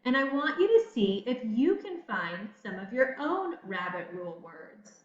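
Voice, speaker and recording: Woman teacher for a kids' spelling lesson: slightly high voice, very slow and patient, echoey room, dull lo-fi sound. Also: sing-song. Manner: slow, encouraging teacher talk to young students. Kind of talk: recorded classroom lesson.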